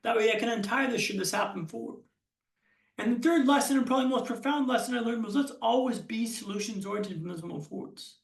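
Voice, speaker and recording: A man giving a keynote speech as a storyteller, with punchy lines, dramatic pauses and self-deprecating humor. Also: very high voice, creaky, reverberant, distant mic. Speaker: keynote speaker. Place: conference hall stage.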